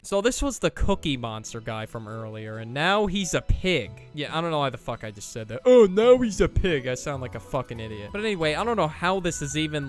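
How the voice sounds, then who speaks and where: A young man hosting a reaction video, mocking clips with sarcastic, profane casual commentary. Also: on the high side.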